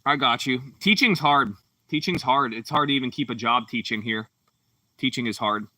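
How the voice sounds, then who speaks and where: A laid-back livestream host from Pittsburgh, Pennsylvania, rambles casually through viewer comments, peppering his talk with ums and you-knows. His medium-pitched voice is very bright and slightly forward, at a normal speed. He's seated well back from the mic in a dry, dead room with no room sound.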